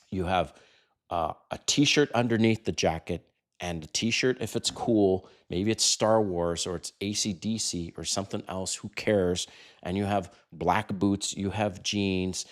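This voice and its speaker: An older man coaching other men on dating, blunt and direct, full of rhetorical questions. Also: low-pitched. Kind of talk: direct-to-camera advice talk.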